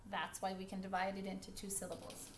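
A second grade teacher giving a phonics lesson to young children, speaking slowly and patiently and repeating each word clearly so they can count along. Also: female voice, medium pitch, monotone. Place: classroom with a screen. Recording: echoey room with faint background noise.

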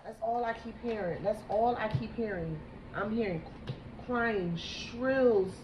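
A woman giving a psychic tarot reading, halting and emotional, repeating herself as she talks. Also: medium pitch, muffled recording. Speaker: tarot reader. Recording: echoey room with background noise.

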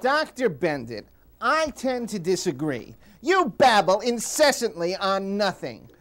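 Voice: mid-range voice, very animated, a little slow, fairly bright tone. A performer playing an earnest liberal professor who gives formal, lecturing speeches in a TV comedy sketch.

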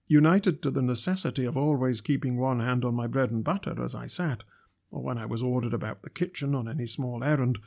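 A man reading a classic novel aloud as narrator, in a measured, steady way. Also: mid-range voice, gravelly. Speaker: audiobook narrator. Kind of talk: scripted narration.

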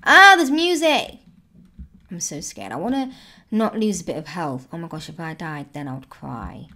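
Excitable woman gaming. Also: fairly low pitch, moderate pace. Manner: exclaims often, squeals at surprises. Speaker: gaming YouTuber. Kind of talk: excited let's-play commentary.

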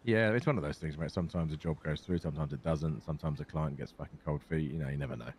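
Man, very low voice, rapid and sweary, faint background noise. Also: a little mellow. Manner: swears a lot, says "mate" constantly. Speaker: roleplay player. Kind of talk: casual in-game chat.

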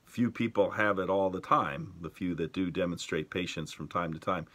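A man leading a daily devotional as pastor, telling stories calmly and unhurriedly with many small hesitations. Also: deep voice, moderate pace. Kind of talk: devotional sermon.

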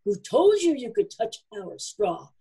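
Woman playing a haughty booming cow, bossy and grand, breathy voice. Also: very animated, a little slow, darkish tone, full character voice. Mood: demanding. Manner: pompous, booming. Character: bossy self-important female head cow.

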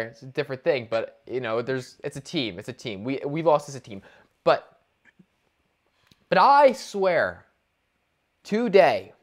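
A man co-hosting a sports podcast, ranting in casual talk with lots of restarts. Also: mid-range voice. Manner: animated ranting, many restarts and fillers. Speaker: podcast co-host.

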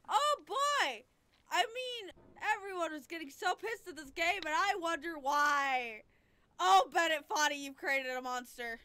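Woman let's-player, exasperated and swearing, bright high voice. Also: expressive, unhurried. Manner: exasperated, cursing at the game. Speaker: gamer. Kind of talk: let's-play commentary.

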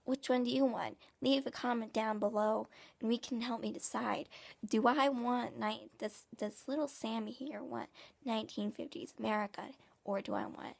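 A smug, passive-aggressive 1950s father, played by a woman rambles through a comic monologue, stopping and restarting his sentences. His voice is gravelly and husky and often drops to a half-whisper. It also sits somewhat high. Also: fairly even intonation. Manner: rambling, halting, with many restarts.

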